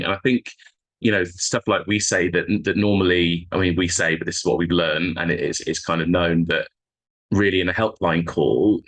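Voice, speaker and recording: A man from a charity's helpline team, explaining listening and messaging tips in a conversational, halting way with frequent restarts. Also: sits low, fairly bright tone, low-quality recording. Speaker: charity helpline staff member.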